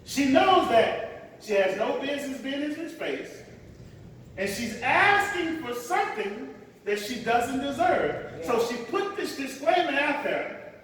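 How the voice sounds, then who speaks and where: High-voiced preacher in an echoey sanctuary. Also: male voice, big pitch swings, a little slow, fairly bright tone, a little hiss or hum. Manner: preaching with dramatic swings, acting out voices; repeats "watch this" as a refrain. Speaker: pastor. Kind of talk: sermon. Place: large church sanctuary. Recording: echoey hall, picked up from a distance.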